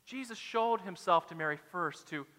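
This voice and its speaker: A man's voice: sits high, normal speed, pushed and bright, long reverb tail. A man preaching a sermon as a pastor, dramatic and acting out the quoted lines.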